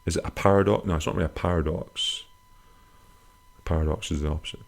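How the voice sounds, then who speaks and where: A man hosting a casual comic podcast, rambling through listener questions with crude, self-mocking humor and sudden squeaky jokey swings. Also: fairly even intonation, quick pace, gravelly.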